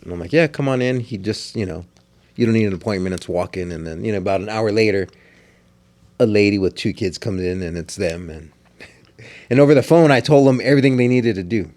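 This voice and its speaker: A man's voice: on the low side, a little fast, a little mellow. A man who works at a piercing shop, casually telling an anecdote and chuckling often. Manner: chuckling, loose storytelling with quoted voices. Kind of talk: casual storytelling chat.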